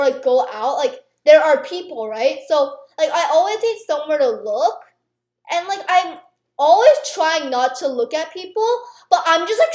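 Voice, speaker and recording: A teenage gaming YouTuber rambles and jokes at her own expense while playing, her rant packed with fillers. Her voice is high-pitched and a little mellow, heard in an echoey room.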